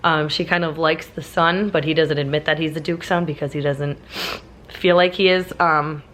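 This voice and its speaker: A young woman vlogging about her reading, chatty and full of "like" fillers, her voice raspy from laryngitis and a sinus infection. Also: low-pitched, fairly even intonation, moderate pace, fairly bright tone, a little hiss or hum. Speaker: book vlogger. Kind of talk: casual reading vlog chat.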